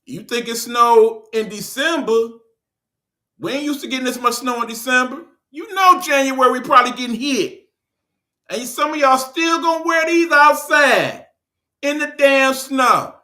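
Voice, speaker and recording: A man's voice: extremely high pitch, unhurried, bright, forceful tone. A man with a Detroit accent hosting his own online show, ranting in a blunt, profane, joking way. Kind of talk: casual ranting monologue.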